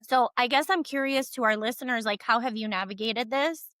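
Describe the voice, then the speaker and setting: Bright, earnest woman podcast co-host. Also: on the high side, fairly quick, no room sound. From Cuban family background. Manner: earnest, emphatic, many "like" fillers. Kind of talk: casual podcast conversation.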